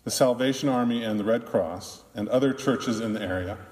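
A man who is a minister, preaching a sermon in a slow, deliberate way with long pauses, in what sounds like a church. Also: medium pitch, darkish tone. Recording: long reverb of a large hall.

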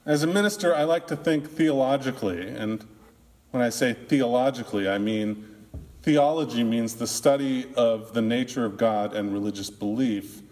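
A man who is a minister, preaching a sermon in a slow, deliberate way with long pauses, in what sounds like a church. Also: medium pitch, a little mellow. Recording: long reverb of a large hall.

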